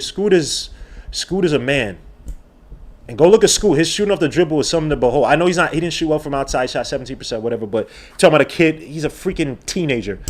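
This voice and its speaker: A man hosting a live sports podcast, talking in an animated, rambling way with exclamations and repeated words. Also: a little high, fairly quick. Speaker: podcast host. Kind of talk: live-stream sports talk.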